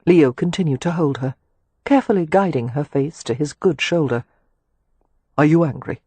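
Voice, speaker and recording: A man narrating a romance audiobook in a measured, even storytelling manner. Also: on the high side, breathy edge, no echo. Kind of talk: scripted narration.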